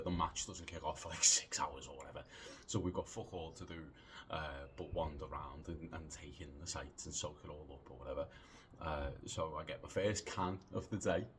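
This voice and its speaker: A deep-voiced man in his late thirties tells a long anecdote in a loose, chatty way. He rambles and restarts, swears casually and leans on fillers. There is a faint hiss of noise behind him. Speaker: podcast storyteller.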